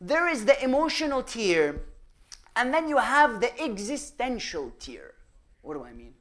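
A man giving a religious lecture, firing rhetorical questions at the audience and swinging between loud emphasis and hushed asides. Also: extremely high pitch, sing-song, unhurried. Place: mosque or Islamic center hall.

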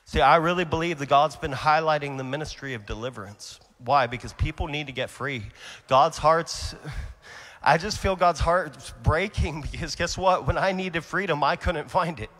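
A fairly high-voiced man preaching at a conference, telling his stories with energy. He drops to a near murmur, then rises to a shout. The sound rings with the long reverb of a large hall. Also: normal speed. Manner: storytelling, swings from quiet to shouting. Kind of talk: conference sermon.

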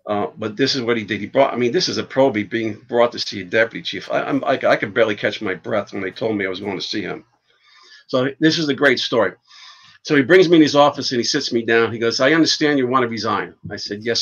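A man, a podcast guest and fire chief, telling stories in a casual, animated way and swearing freely. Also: lowish voice, fast, husky. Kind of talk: casual storytelling. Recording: dull lo-fi podcast audio.

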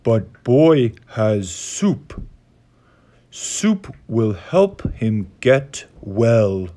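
A man voicing a friendly pet dog in a children's story, with a slightly gruff, altered voice. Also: medium pitch, big pitch swings, very slow, mellow. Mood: calm.

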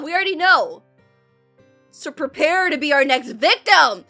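An excitable woman commenting on an animation, crying out at shocks and throwing in mocking asides. Her voice sits high and swings widely, with a sharp, bright edge. Soft music plays underneath. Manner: excitable, gasping and crying out at twists; mocks characters in quick voiced asides. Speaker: reaction video host.

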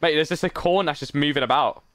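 A man chatting casually while playing a shooter game, excitable, swearing and laughing often. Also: a little high, fast talker. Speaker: gamer. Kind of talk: casual gaming chat.

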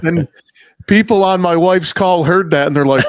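A man hosting a podcast in casual chat, a loud, animated storyteller who swears freely. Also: high-pitched, moderate pace. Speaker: podcast host.

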